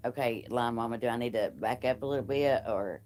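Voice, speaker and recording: A host gives chatty commentary on clips and calls out to viewers by name. The voice sits at a middle pitch. Faint music plays underneath. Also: a little fast, darkish tone. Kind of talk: casual commentary over clips.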